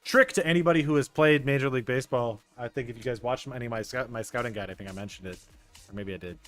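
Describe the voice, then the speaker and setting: A young man streaming a baseball management game, chatting casually with his viewers, excitable and stumbling over restarts. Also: medium pitch, quick pace. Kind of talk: casual gameplay commentary talking to chat. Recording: dry close mic with faint game music.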